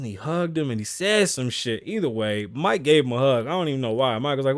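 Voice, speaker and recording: A man's voice: mid-range voice, expressive, quick pace, hardly any pauses, no room sound, clean studio sound. A young man hosting a casual talk show, reading news stories aloud and riffing on them bluntly with profanity. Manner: blunt, profane, riffs on stories with acted quotes. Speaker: podcast host.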